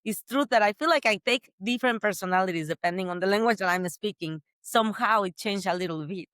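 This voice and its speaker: Talking fast in a mid-range voice, this Spanish-accented, middle-aged entrepreneur tells stories as an interview guest. She laughs and starts over frequently, and the recording is dry and studio quality.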